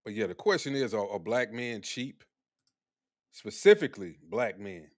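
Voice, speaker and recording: A young man hosting a casual live stream, animated and teasing as he talks back to his chat. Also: on the low side, moderate pace. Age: young adult.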